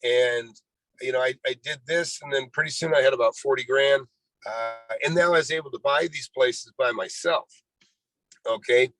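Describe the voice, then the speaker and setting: A man's voice: mid-range voice, moderate pace, fairly bright tone, poor audio. A man in his sixties, a real estate investor guest, telling his life story in a rambling way, often saying "you know" and acting out what people said. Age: 60s. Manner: rambling, full of "you know", acts out quoted dialogue. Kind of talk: storytelling interview.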